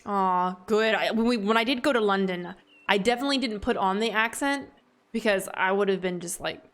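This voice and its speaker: A woman's voice: medium pitch, a little fast, a bit bright. A woman from the Southern United States with a Southern American accent, chatting casually and rambling while she streams a game. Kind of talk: casual live-stream chat.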